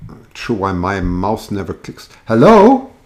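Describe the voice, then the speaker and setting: A man's voice: mid-range voice, animated, moderate pace, heavy background noise. Chatty man hosting a live call-in show. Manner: chatty, rambling with fillers and restarts. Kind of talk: casual live show chat.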